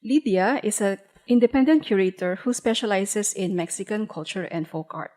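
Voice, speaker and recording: A woman's voice: mid-range voice, normal speed, dark tone, rough recording. Formal woman introducing a speaker. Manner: formal, with some fillers. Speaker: museum staff presenter. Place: auditorium.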